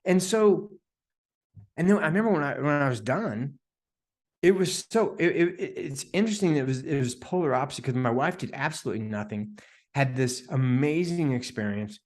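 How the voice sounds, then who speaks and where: A man in a mid-range voice tells a story casually on a podcast. He keeps dropping "dude," "man" and "like" into his sentences. He often jumps up in pitch when he acts out what other people said. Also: brisk. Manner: animated, heavy filler words, "dude" and "man". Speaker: podcast guest, energy healer.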